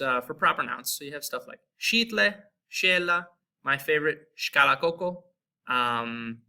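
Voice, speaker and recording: A young American man with an American accent, giving a relaxed spoken lesson and slowly repeating example words. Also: mid-range voice. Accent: American English. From United States. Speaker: Spanish teacher.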